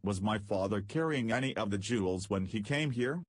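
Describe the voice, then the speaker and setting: A man reads a young spaceman driven by grief and anger. He talks low and husky, in a bitter, determined tone, recorded dry and close. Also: lively intonation, normal speed, no echo.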